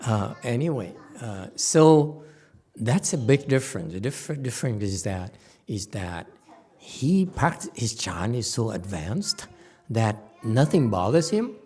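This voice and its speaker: A man giving a Chan Dharma talk as a Buddhist meditation teacher, animated and teasing, laughing often. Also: mid-range voice, a little slow, slightly rough.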